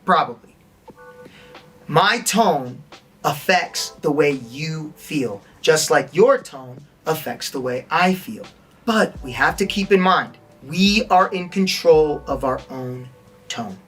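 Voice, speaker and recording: A man's voice: fairly high pitch, lively intonation, slow pace, fairly bright tone, soft background music. A man instructing an online acting course, talking plainly and now and then acting out a line in a different tone to show its effect. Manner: demonstrates tones by acting out short lines. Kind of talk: online lesson.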